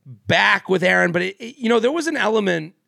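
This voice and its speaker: Here another male co-host of a podcast rambles through casual chat, full of fillers, restarts and frequent laughter. His voice sits high and sounds expressive, brisk, pushed and bright, with some vocal fry. The clean studio recording is dry.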